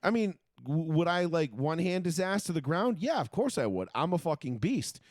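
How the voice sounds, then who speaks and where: Man, sports show co-host, profane rant, slightly high voice, dry close sound. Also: normal speed, no echo. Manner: profane, ranting, animated. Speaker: podcast co-host. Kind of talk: casual sports chat.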